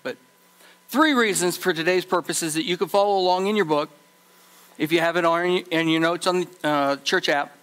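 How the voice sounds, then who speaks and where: A man preaching a sermon as pastor, animated, acting out the people in his story. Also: on the high side, normal speed.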